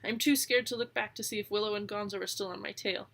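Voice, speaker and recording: A woman narrating a first-person animal adventure aloud, lively, with small laughing asides. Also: medium pitch, fast talker. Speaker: reader. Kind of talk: audiobook narration.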